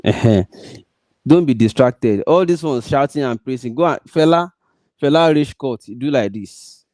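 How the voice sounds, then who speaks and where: A man's voice: medium pitch, lively intonation, normal speed, darkish tone, no room sound, studio quality. A man with a Nigerian accent mixing Pidgin into English, giving earnest commentary and pleading with emphatic, repeated stresses. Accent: Nigerian, Pidgin-mixed English. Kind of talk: direct-address commentary.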